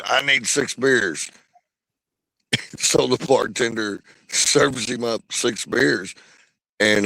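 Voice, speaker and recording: A man's voice: medium pitch, vocal fry, fairly bright tone, slightly rough, dry recording, rough recording. A man telling jokes in casual chat on a video call, giggling through his own punchlines.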